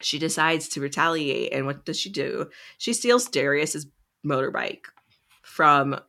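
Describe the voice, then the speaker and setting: A woman's voice: low-pitched, measured pace, gravelly, bright, forceful tone. A woman co-hosting a podcast, chatting casually as she recaps a novel's plot and acts out the characters' lines. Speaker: podcast co-host.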